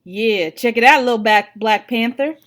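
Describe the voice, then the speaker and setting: A woman's voice: on the high side, normal speed, a bit bright, natural voice. A woman reading aloud, voicing a blunt, protective father who talks in a casual, plainspoken way.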